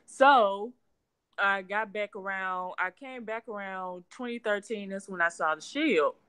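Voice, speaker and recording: A woman's voice: medium pitch, a little slow, a bit bright, smooth. A woman in her twenties with a Southern US accent, a blunt, cursing podcast co-host in casual chat. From California, raised in Alabama. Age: 20s. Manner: blunt, swears freely.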